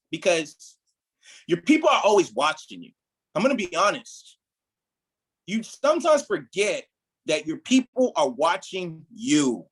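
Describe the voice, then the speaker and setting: A man's voice: high voice, slightly rough, low-quality recording. A man leading a motivational training talk for his team as their mentor, emphatic and preachy, often checking in with "right?". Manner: emphatic, repeats "right?", preachy build-ups.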